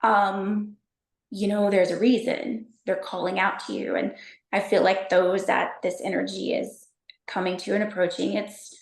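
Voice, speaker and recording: Gravelly woman from texas chatting as a podcast guest, roomy echo. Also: medium pitch, unhurried. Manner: chatty, animated quoting with filler words. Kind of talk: casual storytelling chat.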